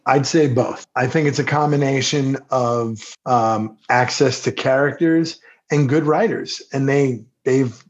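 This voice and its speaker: A man's voice: mid-range voice, unhurried, lo-fi sound, slight background noise. A man co-hosting a casual podcast chat, confident and reassuring. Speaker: podcast co-host.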